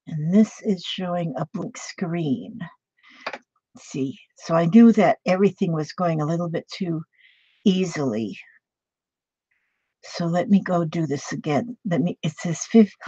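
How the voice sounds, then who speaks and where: A woman's voice: lowish voice, slightly rough, no echo. An older woman hosting a casual craft livestream, chatting in a rambling way and greeting viewers one by one. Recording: dull lo-fi dry sound.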